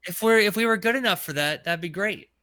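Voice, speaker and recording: A man's voice: high-pitched, quick pace, bright, forceful tone. A man co-hosting a casual gaming podcast, easygoing and laughing along, with lots of hesitant fillers. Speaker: podcast co-host.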